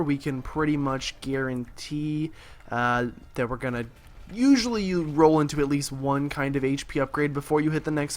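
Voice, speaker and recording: Young male let's play host, somewhat high voice, slightly husky, sarcastic and rambling. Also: a bit bright. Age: young adult. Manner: rambling, sarcastic, filler-heavy. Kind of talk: gameplay commentary.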